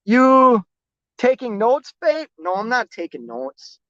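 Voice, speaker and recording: A relaxed man rambles through viewer comments on his trucking stream, joking at his own expense. The sound is dull and lo-fi, and it is dry and close with no room echo. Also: very high-pitched, slow pace. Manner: rambling, easygoing, self-deprecating, many "like"s. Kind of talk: casual live-stream chat reading comments.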